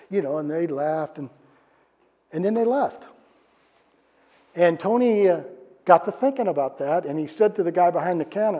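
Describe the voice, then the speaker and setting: Casting: male pastor, high voice, dark tone, preaching in a church with long reverb, lively questions to the room. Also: moderate pace, long pauses. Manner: animated preaching with questions to the congregation. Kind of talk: sermon.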